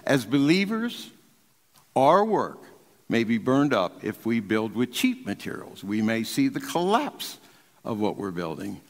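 An older man, a pastor preaching an emphatic sermon from the pulpit, swinging between raised and hushed delivery. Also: mid-range voice, big pitch swings, unhurried, big-room sound. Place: large church sanctuary.

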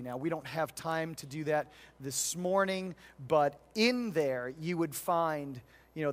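A middle-aged male pastor delivers a sermon in a storytelling way. His voice sits a little high for a man. He moves between loud, emphatic points and hushed, gentle moments. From United States.

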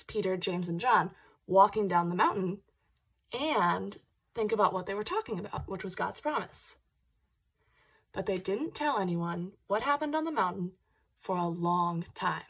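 A woman reading a Bible story aloud to children in a playful, encouraging way, pausing to ask them questions. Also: medium pitch, a bit bright, husky.

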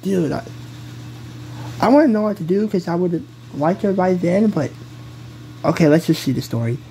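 A man's voice: high voice, animated, normal speed, mellow, a little hiss or hum, rough recording. A man casually telling a made-up hero story, giggling and rambling, often breaking off mid-sentence.

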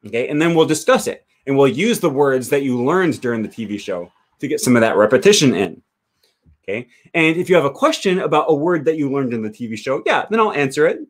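A man's voice: mid-range voice, expressive, fast talker. A man who teaches languages, talking casually on a livestream and answering viewer comments, thinking aloud with frequent fillers. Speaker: language teacher and channel host.

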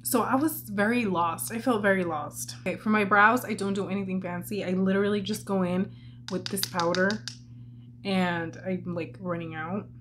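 A woman's voice: mid-range voice, steady tone, moderate pace, noisy background. A young woman talking candidly and chattily in a casual makeup vlog while she tells a personal story, filling her talk with "like". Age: young adult. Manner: candid and chatty, many "like" fillers. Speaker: vlogger.

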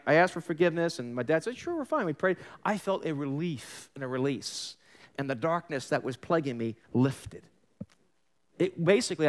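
Animated New pastor preaching. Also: male voice, sits high. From Long Island, New York. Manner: animated storytelling, acts out quoted voices, sarcastic asides. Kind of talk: sermon.

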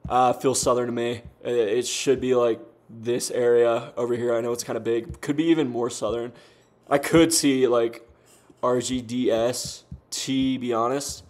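Young man, streamer commentary, laid-back, swears a lot, rambling with fillers, mid-pitched voice. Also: little pitch movement, a little slow, a little mellow. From United States. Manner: laid-back, swears often, talks in bursts with fillers and self-deprecating jokes. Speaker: gaming streamer. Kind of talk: casual gameplay commentary.

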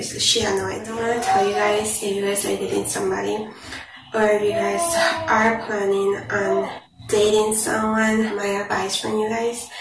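Young woman vlogger, chatty storytime, flat gravelly voice, roomy echo. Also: mid-range voice, recorded from a distance. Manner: chatty, confiding, lots of "like" and "you know". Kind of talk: casual storytime. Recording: echoey room, voice a bit off-mic, noisy.

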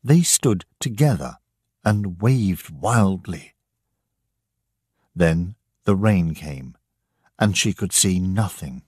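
A man narrating a story slowly and deliberately for English learners. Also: low-pitched, lively intonation, a little mellow, no echo, clean studio sound. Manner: slow, clear, deliberate reading.

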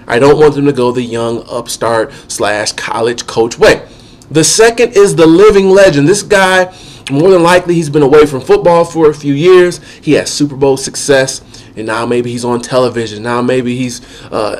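A man with a cold and a nasal voice, giving methodical opinion commentary on football as an analyst. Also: fairly high pitch. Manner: measured, methodical, lists points one by one.

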